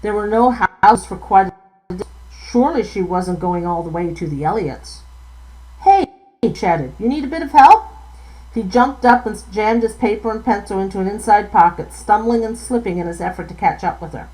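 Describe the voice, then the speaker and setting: A woman's voice: medium pitch, a little fast, darkish tone, poor audio. Woman author reading her novel aloud. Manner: stumbles and corrects herself.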